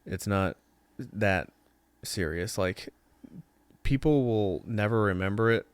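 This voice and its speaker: A young man co-hosts a podcast in casual chat. He speaks haltingly, repeating words and saying "you know" often. His voice is low, smooth and resonant, and the sound is dry and close. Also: dry recording. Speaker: podcast co-host.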